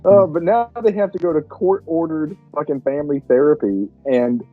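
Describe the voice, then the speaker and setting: A man in casual movie-podcast chat who curses freely and rattles off scene retellings. His mic sounds slightly dull and lo-fi, with faint music underneath. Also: on the high side. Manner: profane, retells scenes fast. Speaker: podcast co-host.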